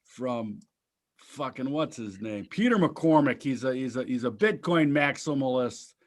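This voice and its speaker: A man's voice: medium pitch, lively intonation, unhurried. A man co-hosting a markets talk show, chatting casually in a blunt, profane, joking way.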